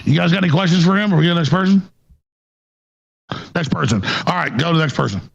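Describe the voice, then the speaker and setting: A man's voice: on the high side, lively intonation, quick pace, creaky, husky, dull audio. A man hosting a live show, ranting emotionally with heavy profanity and emphatic, repeated phrases. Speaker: host.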